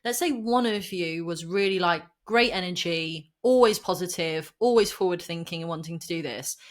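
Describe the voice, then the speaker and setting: A woman, a property and mindset coach, talks passionately as a podcast guest, laughing and getting worked up as she makes her point. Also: fairly low pitch. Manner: impassioned, emphatic, laughs often. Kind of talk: animated podcast conversation.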